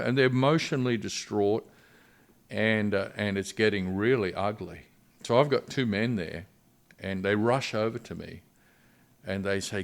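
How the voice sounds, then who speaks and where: A middle-aged man, a missionary guest, telling a personal story in a podcast interview in an earnest, halting way with frequent restarts. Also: fairly low pitch.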